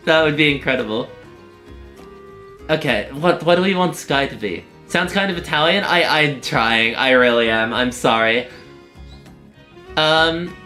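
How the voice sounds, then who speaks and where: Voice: medium pitch, fairly bright tone. A streamer casually chatting with viewers while playing a game, rambling and often breaking off mid-sentence. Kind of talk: casual live-stream chat.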